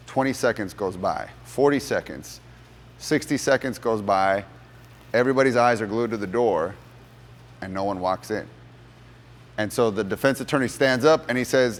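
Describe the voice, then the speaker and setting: A low-pitched man leads a sales workshop for gym coaches, talking with lively conviction. He slips into the voices of the people in his stories as he tells them. His voice rings out with the long reverb of a large room. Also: fairly quick, slight background noise. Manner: animated storyteller, acts out courtroom voices. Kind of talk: motivational workshop talk with storytelling.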